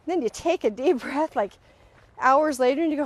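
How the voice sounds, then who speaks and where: A woman's voice: sits high, a little fast. A woman hosting a live-stream talk on emotional healing, speaking earnestly to viewers and acting out quoted voices as she goes. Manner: animated, acts out quoted voices mid-sentence; earnest, directly addresses viewers. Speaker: host. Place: at home, on a live video stream.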